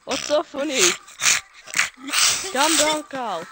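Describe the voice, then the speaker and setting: A man's voice: extremely high pitch, slow pace, heavy background noise. A man playing a game with friends, sounding puzzled and mildly exasperated by their laughter. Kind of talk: casual gaming chat with friends.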